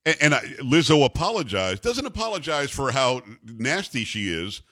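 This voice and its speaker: An older man runs a talk radio show, and his pitch swings widely as he rants. He is blunt and combative, and he jokes as he goes. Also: sing-song, moderate pace, fairly bright tone. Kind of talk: opinionated talk radio rant.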